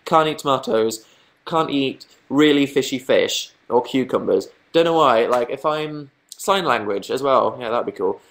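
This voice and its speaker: A young adult man hosts a livestream, rambling casually, poking fun at himself, and reading viewers' comments aloud. His medium-pitched voice is a bit bright, with lively intonation at a normal speed.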